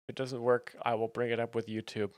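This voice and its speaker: A man giving deadpan, mock-serious commentary as a comedy stream host, with plenty of fillers. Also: medium pitch, fast, clear, resonant tone, dry recording, studio quality.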